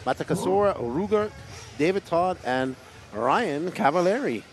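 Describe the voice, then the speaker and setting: Man, race co-commentator, brisk roster reading, somewhat high voice, audible background noise. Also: expressive. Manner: brisk, reads out the start lists.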